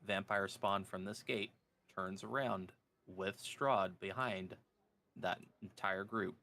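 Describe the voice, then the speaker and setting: A man narrating as game master in a tabletop game, with slow, descriptive delivery. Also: low-pitched, fairly even intonation, gravelly, bright, forceful tone.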